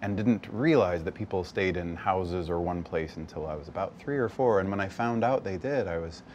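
A man from the West Coast, a stage actor, chatting as a guest in an easygoing, animated way, laughing often. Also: low voice, moderate pace, muffled recording, slight background noise. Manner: animated, laughs often, slips into character voices briefly. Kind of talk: casual interview chat. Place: bar set.

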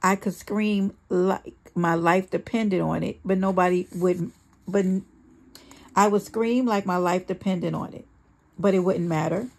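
A woman reading a first-person memoir aloud in a plain, steady storytelling delivery. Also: lowish voice, measured pace, creaky. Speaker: memoir reader.

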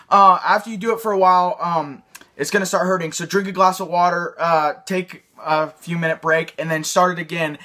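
A man's voice: high-pitched, sharp tone. A man giving a rambling, joking beatbox tutorial with lots of fillers. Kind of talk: casual tutorial.

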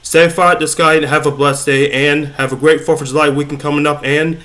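A young man with a slightly high-pitched voice hosts his own casual online news show. He is excitable and slangy, rambles freely, and trips over his words now and then. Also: fairly quick, noisy background. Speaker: YouTube news host. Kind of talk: casual news commentary vlog.

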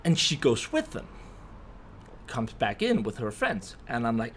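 Animated young man telling a story. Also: mid-range voice, normal speed, slight background noise. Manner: animated and profane, keeps asking "right?". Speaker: vlogger. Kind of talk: storytime vlog.

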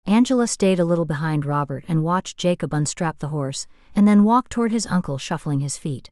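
Low-voiced woman narrating an audiobook. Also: lively intonation, a little fast, few pauses, warm tone, no room sound, studio quality. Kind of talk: scripted narration.

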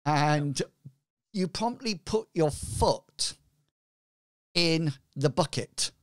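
A man narrating a tabletop game as game master, in an unhurried, rambling way with many "sort of, like" fillers. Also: on the high side, lively intonation, no room sound, studio quality.

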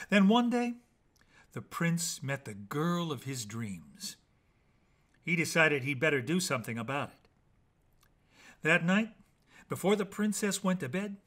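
A man reading children's bedtime stories aloud in an animated, playful way with dramatic pauses. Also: on the high side. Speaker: storyteller.

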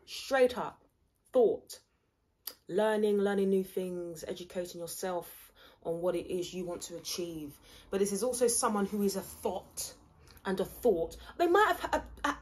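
A woman giving a casual tarot reading, rambling, blunt and mocking. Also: medium pitch. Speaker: tarot reader.

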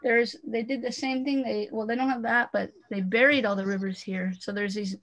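A woman's voice: fairly high pitch, steady tone, moderate pace, fairly bright tone. Chatty woman author on a video call. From Los Angeles area, USA. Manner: chatty, laughs often, many "you know" fillers. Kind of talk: casual talk and reading at a book launch.

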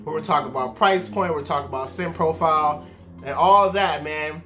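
A high-voiced man, talking through a fragrance review in a relaxed, chatty way. He keeps tacking "man" and "y'all" onto his sentences, and soft music plays behind him. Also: moderate pace. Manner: laid-back, repeats "man" and "y'all" often. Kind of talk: casual video review.

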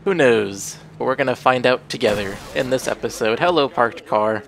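A man's voice: mid-range voice, normal speed, creaky. Groggy, sick-sounding young gamer man. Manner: rambling, self-correcting, easygoing. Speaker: let's play host. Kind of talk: casual gameplay commentary.

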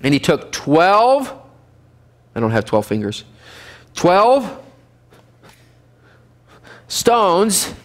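A man teaching a casual Bible survey class as pastor, lively and animated, acting out scenes now and then. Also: extremely slow, long pauses. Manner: lively, animated, acts out scenes with sudden high shouts and laughs. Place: church fellowship room.

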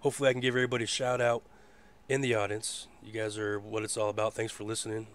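A man hosting a casual live internet radio show. His voice is hoarse, and he rambles in a laid-back way and swears freely. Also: fairly low pitch, level tone, fast, slight background noise. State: hoarse from a rough voice. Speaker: host.

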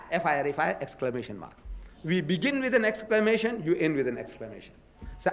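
High-voiced older man lecturing. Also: very animated, fairly quick, poor audio. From South Africa. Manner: emphatic, rhetorical questions, mimics chants. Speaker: religious lecturer. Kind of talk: public lecture to an audience.

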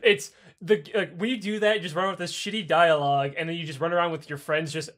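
A man's voice: a little high, fairly even intonation, quick pace, a bit bright. A young man on a casual podcast, rambling and swearing as he acts out video game dialogue in silly voices. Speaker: podcast co-host. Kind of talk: casual chat.

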